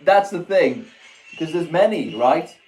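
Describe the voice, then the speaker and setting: A man hosting a casual livestream who reacts excitedly to viewers' messages and pictures, laughing often and exclaiming. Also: on the high side, a little slow. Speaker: livestream host. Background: faint music.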